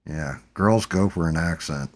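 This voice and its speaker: A man's voice: rumbling low, measured pace. A man hosting a livestream, talking in loose, rambling casual chat and swearing freely. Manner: rambling, swears freely, slips into mock voices. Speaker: livestream host.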